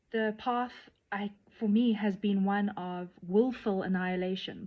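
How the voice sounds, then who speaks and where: A woman speaks to camera in a personal vlog, candid and earnest with a playful edge. Her voice sits at a middling pitch and now and then falls to a soft near-whisper. The recording sounds slightly dull and lo-fi. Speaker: tantric nun sharing her journey.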